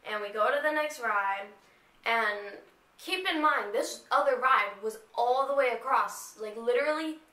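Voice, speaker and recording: Young woman, from North Carolina, chatty storyteller, high bright voice, echoey room, camera mic. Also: unhurried. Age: young adult. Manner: chatty, laughs often, fillers like "you know". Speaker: vlogger. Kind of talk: casual storytime vlog.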